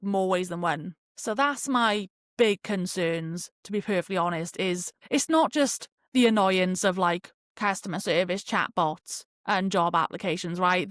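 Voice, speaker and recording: A young adult woman hosting a casual solo podcast, talking in an animated, chatty way with lots of fillers like "like". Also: on the low side, moderate pace, dry recording, clean studio sound. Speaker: podcast host.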